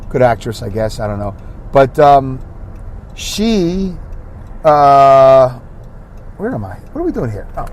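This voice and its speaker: A man's voice: medium pitch, darkish tone, a little hiss or hum. A middle-aged man hosting a solo podcast, rambling through a monologue with wry, sarcastic asides. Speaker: podcast host.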